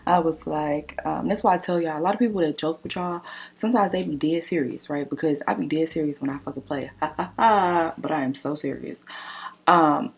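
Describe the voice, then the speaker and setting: A young woman with a low, husky voice tells a dating story while putting on her makeup. Her delivery is blunt and animated, and she swears freely. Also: fairly quick. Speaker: beauty vlogger. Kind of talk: casual storytime chat while doing makeup.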